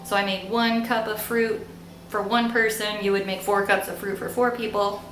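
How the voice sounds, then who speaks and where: A woman's voice: mid-range voice, flat delivery, moderate pace, fairly bright tone, roomy sound, soft background music, rough recording. A young woman hosting a casual cooking demonstration, chatty and playful, joking at her own expense. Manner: chatty and playful, laughs at herself. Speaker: cooking video host.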